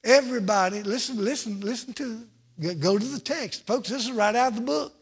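A man's voice: extremely high pitch, fairly quick, breathy edge, big-room sound. A man preaching a sermon from the pulpit, with an emphatic, repetitive cadence. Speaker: pastor.

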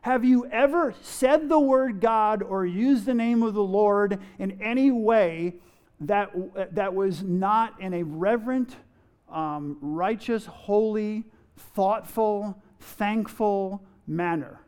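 Man preaching through rapid rhetorical questions. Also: high voice, a little mellow, smooth. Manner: fires rhetorical questions at the audience; playful, acts out everyday quotes, chuckles. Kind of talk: sermon.

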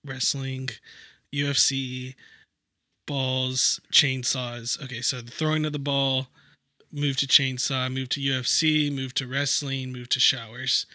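Rambling, bright-voiced man chatting. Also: medium pitch, level tone, a little slow, no echo, studio quality. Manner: rambling, self-interrupting, joking. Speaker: podcast co-host. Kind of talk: casual chat.

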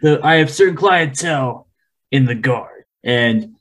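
A man playing in a tabletop game, joking and halting, repeating words as he goes. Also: medium pitch, expressive, a bit bright. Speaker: player. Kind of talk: casual tabletop play.

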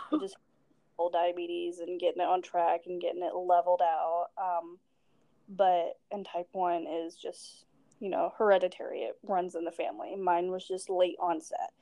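A woman's voice: on the low side, warm tone, no echo, low-quality recording. A young woman from Tennessee with a Southern American accent, chatting easily and folksily as a podcast co-host. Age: young adult. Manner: easygoing, folksy, laughs readily. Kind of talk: casual chat.

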